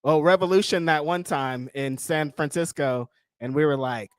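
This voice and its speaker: A man's voice: on the high side, moderate pace, few pauses, clean tone, no room sound, clean studio sound. A man co-hosting a wrestling watchalong livestream, trading teasing, playful banter in casual chat.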